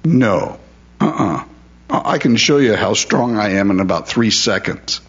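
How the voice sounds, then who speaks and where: A man's voice: fairly low pitch, expressive, unhurried, dull audio. A male pastor preaching a conversational sermon, asking his listeners questions and confessing his own struggles.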